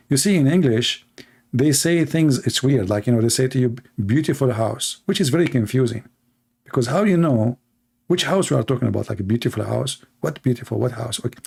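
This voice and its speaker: Guy hosting a livestream, mocking and sarcastic, mellow low-key tone, broken english. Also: creaky, breathy edge. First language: Arabic. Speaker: livestream host. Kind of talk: mocking live-stream commentary.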